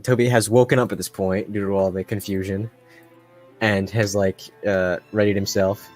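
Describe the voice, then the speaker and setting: A young man with a low voice runs a tabletop game as its game master. He narrates haltingly, piling up fillers and restarts. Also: level tone, darkish tone, soft background music. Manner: hesitant, many fillers and restarts.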